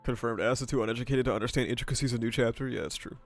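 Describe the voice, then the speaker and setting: A young man in his twenties talks with his livestream viewers in a relaxed, easygoing voice of middling pitch. His nose is stuffy. He laughs often and swears now and then, with faint soundtrack music under him. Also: racing. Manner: laid-back, laughing, swearing, greets chatters by name. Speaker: streamer. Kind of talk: casual livestream chat with viewers. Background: video game soundtrack music.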